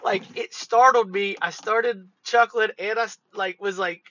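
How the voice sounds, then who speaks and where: A man's voice: high voice, steady tone, measured pace, pushed and bright, a little hiss or hum. A man hosting a podcast, telling work stories in a loose, profane, casual way with many fillers. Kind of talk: casual storytelling monologue. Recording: dull lo-fi recording.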